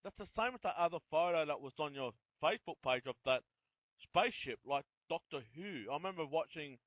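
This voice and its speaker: A man hosts an interview in long, chatty, run-on turns, his voice fairly high. The sound is dry and thin, like a phone line. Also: lively intonation, fairly quick, no room sound. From Australia. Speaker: interview host. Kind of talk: casual interview talk. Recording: tinny phone-line audio.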